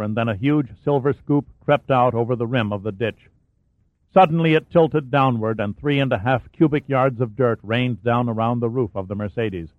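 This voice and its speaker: A man reads a thriller aloud in a steady, dramatic narrating voice of middle pitch. The sound is dry and close, squeezed into a narrow, phone-like band. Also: no room sound. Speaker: audiobook narrator.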